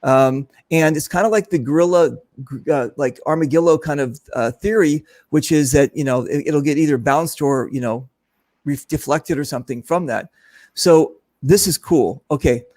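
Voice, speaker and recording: Guy hosting a chat at an event booth, tells stories animated, voice on the higher side, dry sound. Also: moderate pace, no echo. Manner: animated storyteller, mimics others in his stories. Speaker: host. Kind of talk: casual chat.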